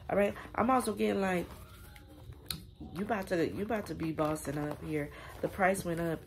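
A woman reads tarot in a loose, chatty way and keeps speaking straight to her viewers with encouragement. Her voice sits fairly low and has a gravelly fry. Faint noise hums behind her. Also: normal speed. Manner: chatty, affirming, addresses viewers directly. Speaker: tarot reader. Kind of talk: casual spiritual reading to viewers.

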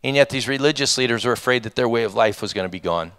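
A man preaching a conversational sermon, reading scripture passages and adding animated, wondering asides. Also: medium pitch, quick pace, clear, resonant tone. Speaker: pastor.

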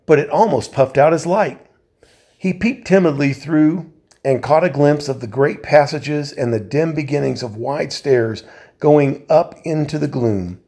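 A man, a volunteer reader, reading a novel aloud in a measured way, with occasional slips he corrects. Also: mid-range voice, mellow.

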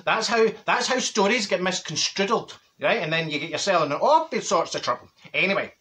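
A man performs a gossipy comedy monologue as a brash older Glaswegian woman who talks straight, rambles through asides and cackles with laughter. The voice sits high and is expressive, pushed and bright, at a normal speed.

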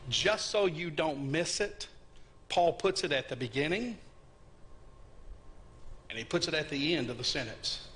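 A male pastor with a high-pitched voice delivers a sermon. He is animated and conversational and keeps asking his listeners questions. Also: a little hiss or hum.

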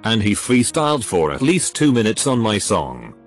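A man reading reader-submitted stories aloud as scripted narration, saying the punctuation marks out loud in a flat delivery. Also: on the low side, normal speed, faint music behind.

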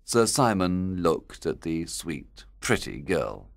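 Male narrator, deep, slow, varied intonation, measured, learner audiobook. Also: sing-song, gravelly, no room sound, clean studio sound. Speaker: narrator and quiz reader. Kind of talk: scripted narration for English learners.

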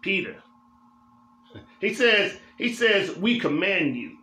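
Speaking slowly with a high-pitched, sharp, very animated voice, this pastor leads a Bible study in the sanctuary. His delivery is emphatic, with repeated phrases and a preaching rhythm, all carried by the room's church echo.

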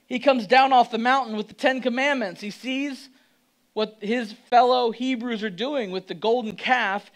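Male pastor preaching in a high, conversational, lively way. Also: rough recording. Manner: conversational, animated, acts out quotes. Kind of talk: sermon.

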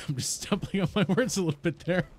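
Here a man is high while livestreaming a game, rambling excitedly through his commentary. He curses freely and chatters at the creatures as well as his viewers.

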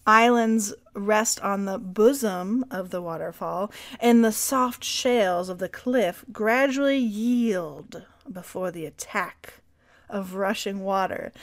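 Woman co-host, wry joking asides, mid pitch, dry close sound. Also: slow, dry recording. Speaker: podcast co-host. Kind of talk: history podcast chat and reading.

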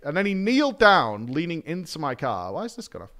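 A man's voice: on the high side, big pitch swings, fast, pushed and bright. A British man streaming a game, telling a rambling story with lots of swearing. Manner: rambling, swears often, self-mocking. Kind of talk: casual storytelling while gaming.

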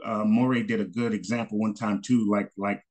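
A man from North Carolina answering a question in an online class, halting with many fillers and restarts. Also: on the low side, level tone, a little mellow. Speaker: assistant teacher.

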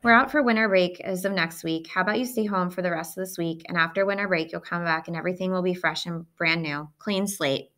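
A woman's voice: lowish voice, fast, hardly any pauses, fairly bright tone, natural voice. A woman reading aloud, voicing a patient, kindly male school principal in an earnest, reassuring way.

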